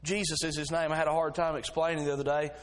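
A middle-aged man delivers a sermon from the pulpit, his voice sitting a little high for a man. He tells homely stories in a relaxed, folksy way, then builds into fervent, insistent preaching. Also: fast talker. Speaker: pastor.

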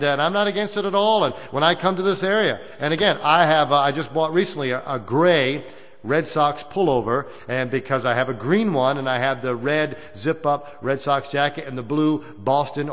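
In a church hall full of long reverb, a Baptist preacher with a fairly high, fairly bright voice delivers a folksy, meandering sermon, looping back to repeat his phrases.

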